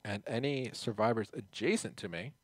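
Low-voiced joking man at the game table. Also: expressive, moderate pace. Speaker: co-player. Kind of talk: casual tabletop game play.

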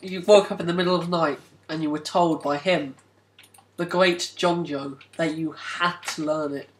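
A man's voice: a little high, steady tone, moderate pace, a little hiss or hum. A man hosting a casual gameplay video, rambling and joking with frequent self-interruptions. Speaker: game video host.

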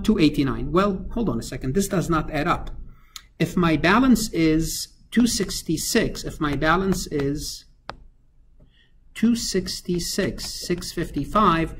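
Male lecturer working through sums aloud, slightly high voice, faint hiss behind. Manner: thinks aloud while working numbers, many fillers and restarts. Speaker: accounting lecturer. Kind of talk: recorded screen-capture lecture.

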